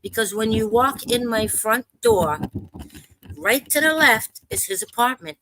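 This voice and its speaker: A woman on a live panel discussion telling an urgent personal story in a halting way, with restarts and swearing. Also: on the high side, expressive, bright, forceful tone, slight background noise, rough recording. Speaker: panel caller.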